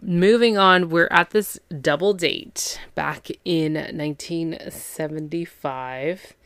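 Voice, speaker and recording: A woman hosting a podcast, recapping a show in casual chat, tired after a long day, full of fillers and quick character impressions. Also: deep voice, a bit bright, clear, resonant tone, no room sound. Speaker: podcast host recapping a TV series.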